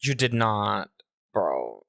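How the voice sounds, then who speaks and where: A playful man chats with his live audience as he shows off a new remix, laughing and cursing as he goes. His voice has a gravelly edge and a bright, forward tone. His pitch swings widely as he jokes around. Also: very animated, very slow, dry recording. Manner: playful, laughing, swearing, tossing in joking meows. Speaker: music producer presenting a remix to a live chat. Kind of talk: casual livestream chat.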